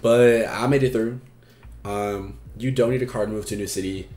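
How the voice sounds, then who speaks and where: A man hosts an advice livestream, talking frankly and chattily, swearing freely and using lots of fillers. His voice is on the low side and a little mellow, with fairly even intonation and a moderate pace, in a roomy-sounding recording.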